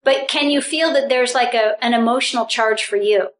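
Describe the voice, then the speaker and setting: A woman leading a spiritual group session, talking with animated energy, laughing often and restarting her phrases. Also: on the high side, moderate pace, poor audio.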